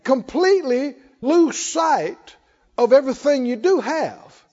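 A man's voice: extremely high pitch, animated, slow, dark tone. A man preaching a sermon in a folksy way, calling out to the congregation. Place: church hall. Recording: muffled hall reverb.

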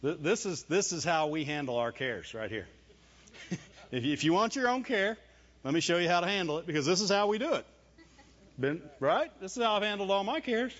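A male preacher with a high voice, delivering a sermon in a chatty way and firing off quick rhetorical questions he then answers. The recording sounds dull and lo-fi. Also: animated, a bit bright. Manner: conversational, chuckling preaching. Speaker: pastor.

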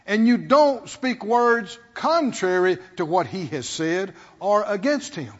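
Male pastor, husky and high-pitched, preaching in a roomy hall with dull sound. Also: lively intonation, slow. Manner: preaching with call-and-response rhetorical questions. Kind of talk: sermon.

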